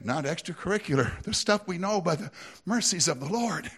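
A man with a Southern US twang preaching a lively sermon, laughing often and swinging from shouts to hushed asides. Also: sits high, brisk, breathy edge. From American South.

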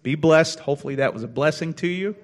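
A man giving a short sermon and exhorting the congregation in an earnest way. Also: a little high. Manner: earnest, exhorting, quick bursts. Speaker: preacher.

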